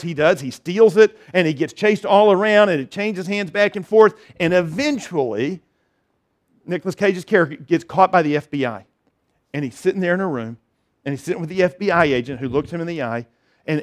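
A man's voice: a little high, fairly quick. A man preaching an Easter sermon in a conversational way, with frequent restarts and emphatic repeated phrases. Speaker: pastor.

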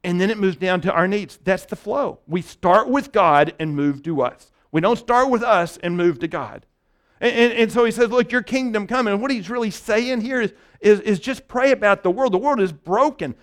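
Guy pastor w a high voice, preaching casual-like, lots of restarts and "right?". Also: moderate pace. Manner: conversational preaching with frequent restarts and "right?" asides. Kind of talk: sermon.

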